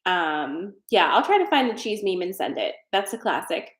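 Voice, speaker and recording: A woman's voice: mid-range voice, big pitch swings, moderate pace. Chatty woman host in an echoey room. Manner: chatty, rambling, many fillers. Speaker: host of a tarot and energy livestream. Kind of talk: casual chat and guided breathing.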